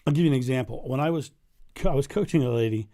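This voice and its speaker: A middle-aged spiritual coach answers viewer questions in a livestream Q&A monologue, speaking very fast in a warm, mid-range voice. He tells stories earnestly and repeats phrases for emphasis.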